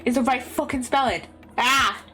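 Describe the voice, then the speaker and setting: A woman's voice: high-pitched, moderate pace, sharp tone. A young woman streaming a word-guessing game, swearing constantly and thinking aloud as she tries out guesses. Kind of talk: casual game commentary. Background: faint lo-fi music.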